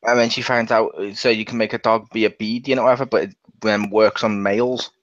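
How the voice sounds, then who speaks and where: A man's voice: on the low side, little pitch movement, a little fast, no echo. A man who is a guest on a casual review podcast, adding playful, joking asides. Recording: dull lo-fi dry recording.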